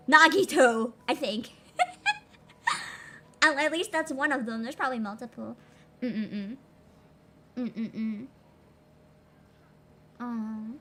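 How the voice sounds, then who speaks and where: Bubbly high-voiced woman streamer. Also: sharp tone. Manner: rambling, giggly, playful with voices. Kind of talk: casual chat over a game stream.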